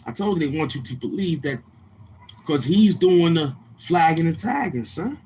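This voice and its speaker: A man hosting a live stream, mocking someone in a slow drawl with drawn-out hums. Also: on the high side, lively intonation, darkish tone, slight background noise, low-quality recording. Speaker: livestream show host. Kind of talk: trash-talking live stream commentary.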